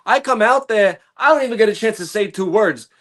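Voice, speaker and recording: A man's voice: high-pitched, lively intonation, a little fast, a bit bright. A man guesting on a wrestling podcast, talking in a brash, cocky and playful way. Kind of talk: casual podcast chat.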